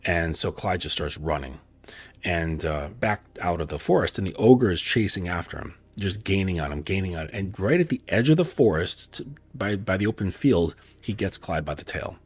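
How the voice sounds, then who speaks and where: Brief: male dating coach, loose rambling storyteller, deep voice. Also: lively intonation, moderate pace, slightly rough, dry recording. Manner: rambling, with frequent fillers and profanity. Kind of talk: casual storytelling talk.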